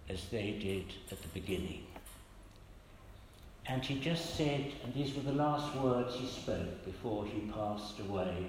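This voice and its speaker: An older man preaching a sermon, telling stories gently and quoting the people in them. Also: lowish voice, slight background noise. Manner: gentle storytelling with quoted voices. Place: church. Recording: echoey church hall with long reverb.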